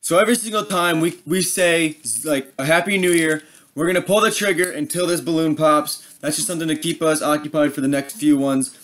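A young man with a bright, forward voice sitting a touch above the usual male pitch. He talks loosely and rambles, tossing off self-deprecating asides while hosting a casual video. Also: steady tone, a little fast. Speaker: video host. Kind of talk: casual countdown chat.

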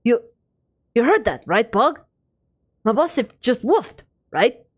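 A woman's voice: a little high, big pitch swings, slow, husky, voice pushed up, heavily acted. A woman voicing a cheerful teenage boy who dotes on his sick dog, in a put-on Russian accent. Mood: doting. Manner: affectionate, exclamatory.

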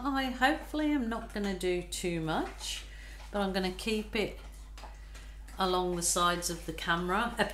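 A woman from Australia chats to her viewers as she paints, gushing and exclaiming over what she sees. Her bright voice drawls slowly. The room around her is echoey. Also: medium pitch, slight background noise. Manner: gushing, exclamatory, drawn-out delight. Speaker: fluid art painter. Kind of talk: casual narration while painting.

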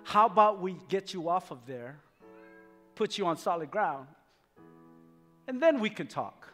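Jesus, calm and patient, as a preacher puts him on in a story, speaks in an unhurried, gently amused tone. The voice is high and bright. It echoes through a large hall with faint music behind. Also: male voice, full character voice. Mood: calm reassuring. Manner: calm, reassuring, lightly amused.

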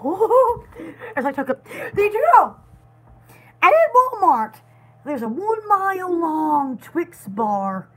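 A woman's voice: very high voice, big pitch swings, slow. A woman hosting a live sale, chatty and giggly, stumbling and repeating words. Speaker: live-stream seller. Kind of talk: casual live sale chat.

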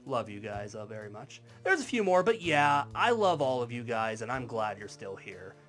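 A man's voice: mid-range voice, big pitch swings, normal speed, fairly bright tone, soft background music. A man delivering a commentary video in a wry, sarcastic manner. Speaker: YouTube commentary creator. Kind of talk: commentary vlog.

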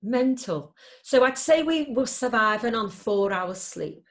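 Lively woman. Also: on the high side, measured pace. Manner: lively, emphatic storytelling with frequent fillers. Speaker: interview guest. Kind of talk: candid interview chat.

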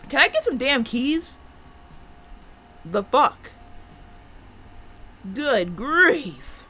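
A woman's voice: a little high, bright, forceful tone, slight background noise. A woman giving casual, chatty gameplay commentary from her room at home, swearing freely. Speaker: gaming video creator.

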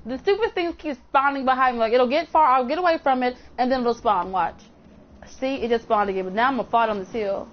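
A young woman streaming a game live, chatting with viewers, swearing and shrieking whenever she is in danger. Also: sits high. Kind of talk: live gameplay commentary. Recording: dull lo-fi mic with audible noise.

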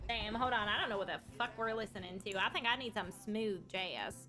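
A woman's voice: medium pitch, fairly quick, bright, forceful tone, soft background music, close to an everyday voice. A woman playing a brash, flirty Southern woman trucker in character while streaming a game, drawling and calling everyone babies.

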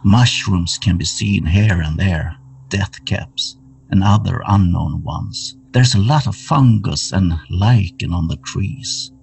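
A man narrating a horror tabletop game as game master, setting each scene slowly and atmospherically. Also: low voice, gravelly, darkish tone. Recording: somewhat distant mic with music underneath.

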